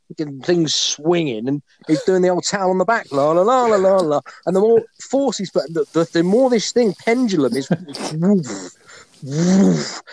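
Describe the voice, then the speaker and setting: A man's voice: fairly high pitch, a little mellow. A man hosting a podcast, telling a bawdy anecdote in a casual, laughing way. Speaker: podcast host. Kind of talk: casual storytelling.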